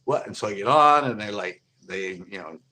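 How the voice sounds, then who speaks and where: A man's voice: fairly low pitch, brisk. Rambling man telling a story on a livestream. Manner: rambling, animated retelling with lots of fillers. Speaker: fishing channel host.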